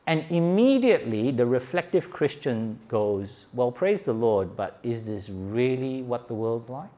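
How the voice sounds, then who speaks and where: A man's voice: medium pitch, unhurried, warm tone. A middle-aged Australian man preaching a sermon in a conversational, storytelling way, with frequent "uh" fillers. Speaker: pastor. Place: church retreat session hall.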